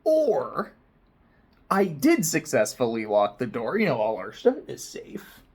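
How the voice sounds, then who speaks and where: A man telling a personal story to camera in a casual vlog, swinging between loud excited bursts and quiet near-whispered asides. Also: mid-range voice, a little slow, husky. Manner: frequent swearing, casual slang. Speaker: vlogger.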